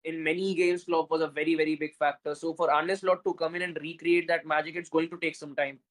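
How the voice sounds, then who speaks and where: Young male co-host, quick and high-pitched, opinionated football takes. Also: flat delivery. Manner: quick, stumbling starts, opinionated. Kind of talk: casual football chat.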